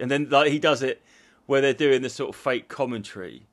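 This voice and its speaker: A man's voice: medium pitch, a little fast. A man co-hosting a casual chat show, telling rambling anecdotes that trail off. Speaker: co-host.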